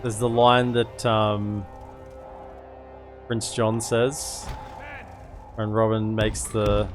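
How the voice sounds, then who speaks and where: A man's voice: fairly low pitch, little pitch movement, extremely slow, over music. A man live-streaming a strategy game, rambling and chatting with viewers, who breaks into sudden exclamations. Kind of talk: live gameplay commentary.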